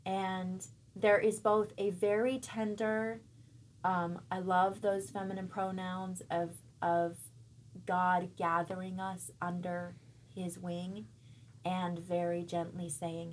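Slow, reflective woman with a low voice. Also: level tone, slight background noise. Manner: thoughtful, searching, pauses to find words. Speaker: church member and guest. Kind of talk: reflective faith conversation.

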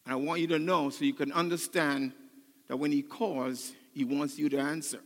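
An older man preaching a sermon as pastor, choked up and emotional, building to loud, fervent passages. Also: fairly high pitch, fairly even intonation, moderate pace, in a large hall. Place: church sanctuary.

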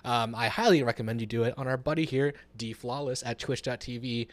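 A man's voice: medium pitch, fairly quick, no echo. A young man co-hosting a casual gaming chat, jokey and playful. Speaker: podcast co-host.

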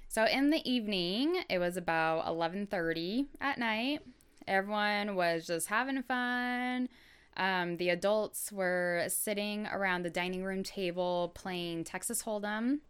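A woman hosting a podcast, telling a true crime story in a relaxed, casual way with lots of fillers and asides. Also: mid-range voice, unhurried, smooth.

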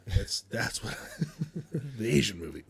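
A man hosting a podcast, a firefighter chatting casually in a rambling way with frequent chuckles and quick asides. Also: mid-range voice, animated, creaky, breathy edge. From Indiana.

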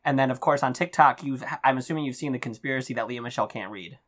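A man's voice: medium pitch, fast. A man co-hosting a podcast, chatting casually and telling gossip with lots of filler words. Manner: gossipy, many likes and ums, animated storytelling. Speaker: podcast co-host. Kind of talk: casual chat.

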